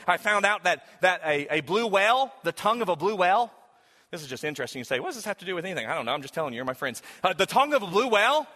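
High, bright-voiced preaching man. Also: long reverb tail. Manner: casual, joking asides to the congregation; rises to emphatic preaching. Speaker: pastor. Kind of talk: sermon.

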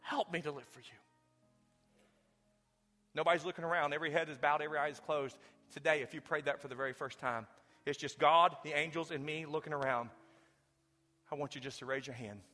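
Pastor, male, earnest sermon with altar call; bright forceful tone, big church reverb, faint music under. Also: a little high, steady tone, fast. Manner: earnest, building to fervent appeals, drops to hushed whispers. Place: large church sanctuary with balcony.

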